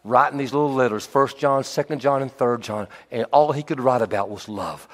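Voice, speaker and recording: A man preaching a sermon in an animated way, swinging from hushed tones to emphatic repetition. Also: medium pitch, normal speed. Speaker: pastor. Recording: long hall reverb.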